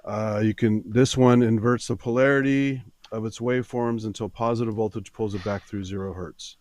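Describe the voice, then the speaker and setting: A man's voice: fairly low pitch, fairly even intonation, normal speed, a little mellow, no room sound. A man on a casual panel chat, reading a product description aloud and adding a joke.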